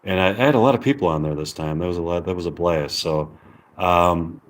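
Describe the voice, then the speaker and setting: A man on a casual live stream, reading viewer comments aloud in a halting way. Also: low-pitched.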